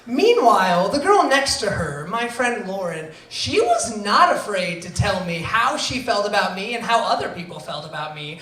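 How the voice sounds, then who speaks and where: A man telling a true personal story to a live audience, acting out quoted lines and swinging between hushed and loud delivery. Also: high-pitched, very animated, moderate pace, few pauses. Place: event venue before an audience. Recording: roomy venue, voice from far off.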